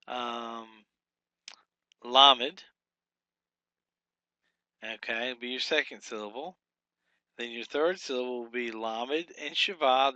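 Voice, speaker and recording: Slow, halting man teaching a lesson. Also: mid-range voice, sharp tone, dry recording, dull audio. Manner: spells out syllables slowly, many fillers. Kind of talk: recorded lesson walkthrough.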